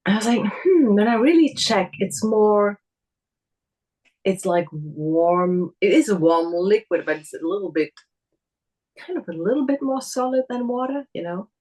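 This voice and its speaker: A woman taking part in a group workshop on a video call, sharing her feelings warmly and searching for words. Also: mid-range voice, a little slow. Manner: warm, searching for words, laughs often. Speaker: workshop participant. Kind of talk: personal sharing.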